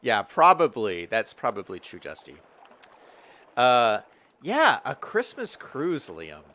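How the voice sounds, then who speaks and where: A man's voice: mid-range voice, wildly swooping pitch, slow pace, sharp tone. A young man casually commenting on his city-building game and reading chat messages during a live stream. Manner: chatty, upbeat, reads out chat messages.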